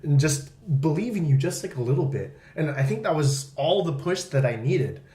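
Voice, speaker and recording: A man's voice: a little high, lively intonation, moderate pace, dark tone. A young man in casual conversation, telling a personal story earnestly and emotionally, with many fillers. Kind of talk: casual chat. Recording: roomy echo.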